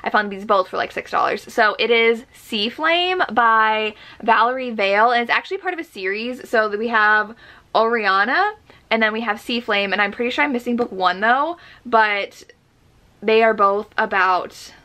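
A young woman talks casually and eagerly about books. Her voice sits a bit high and sounds bright and crisp. She gushes as she goes. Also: animated, normal speed. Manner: gushing, enthusiastic. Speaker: book vlogger. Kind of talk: casual chat.

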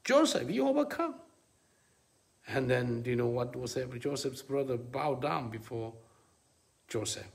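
A male preacher giving a sermon in halting, non-native English full of fillers. He drops to low murmurs, then climbs into high, ringing bursts of emphasis. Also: flat delivery, gravelly.

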